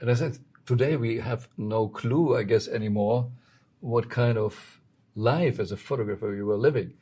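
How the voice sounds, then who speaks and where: A man hosting an interview, asking halting, searching questions. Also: medium pitch, mellow, slightly rough. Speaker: host. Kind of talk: interview conversation.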